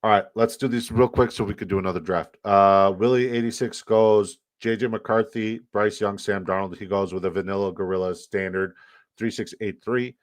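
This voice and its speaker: A man hosting a live fantasy football draft stream, talking fast in joking, profane banter. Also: fairly low pitch, fairly even intonation, no room sound.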